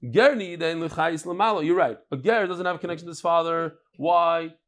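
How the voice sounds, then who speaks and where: Man, middle-aged, Talmud teacher, high voice, animated, self-questioning, banters with a classroom audience. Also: fairly quick. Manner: animated, asks and answers his own questions; banters with students in the room.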